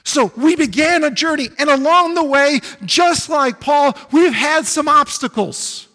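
Man, pastor, sermon, very high voice, reverb of a church hall. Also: unhurried, sharp tone. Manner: preacherly, building to emphatic exclamations. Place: church sanctuary.

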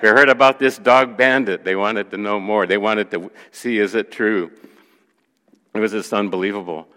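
A man's voice: fairly low pitch, normal speed, big-room sound. A pastor, a man, telling a story from the pulpit, acting out the voices of the people in it. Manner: animated storyteller who acts out quoted voices. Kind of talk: sermon storytelling.

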